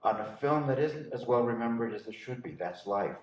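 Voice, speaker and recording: A man interviewing an actress, asking measured, prompting questions. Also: medium pitch, lively intonation. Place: cinema. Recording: echoey room, distant mic.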